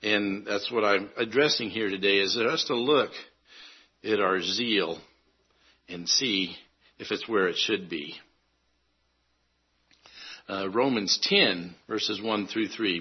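A man preaching a sermon in an earnest way, halting often and restarting his phrases. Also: fairly low pitch, slightly rough, lo-fi sound.

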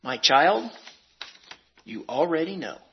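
A man voicing a sorrowful, grave Jesus in a spoken sermon poem, quiet and solemn. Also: very animated, takes it slowly, slight background noise. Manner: low, quiet, solemn delivery. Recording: dull lo-fi recording.

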